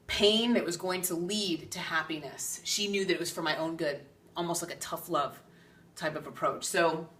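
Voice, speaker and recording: A chatty woman psychic medium teaches in an animated way, laughing often and checking in with "okay?". Her voice is bright. It echoes around the room and is picked up from a little way off. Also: lowish voice, far from the mic. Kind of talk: spiritual teaching talk.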